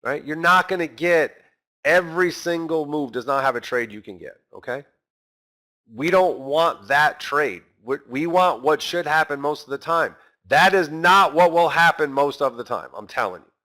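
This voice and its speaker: A man's voice: on the high side, animated, normal speed, pushed and bright. A man teaching a trading class in an emphatic way, asking questions and answering them himself. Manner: emphatic, rhetorical, asks and answers his own questions. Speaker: trading instructor.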